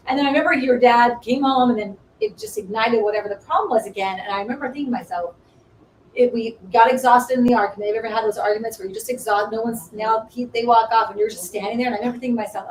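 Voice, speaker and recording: Brief: high-ish woman host, animated storyteller, casual spiritual chat, distant mic in an echoey room with faint hiss. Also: quick pace. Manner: animated storytelling, acts out her own past voice. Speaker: ministry host. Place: room with small live audience.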